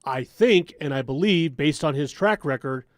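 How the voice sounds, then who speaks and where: A man on a sports talk radio panel, measured and chiming in to agree, speaking into a studio microphone. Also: on the high side, animated, dry recording.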